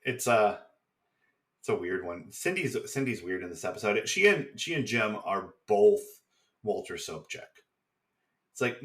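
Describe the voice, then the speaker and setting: A man co-hosting a podcast, casually recapping a TV episode with swearing and quick mock voices of the characters. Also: lowish voice, animated, fairly bright tone. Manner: swearing, chatty, acts out quick impressions. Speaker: podcast co-host.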